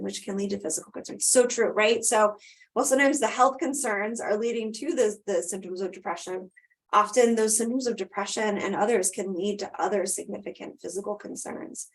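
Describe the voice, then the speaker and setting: A woman's voice: mid-range voice, fairly even intonation, fairly quick. A woman presenting a live webinar over a video call, answering questions and wrapping up in a conversational way with frequent ums.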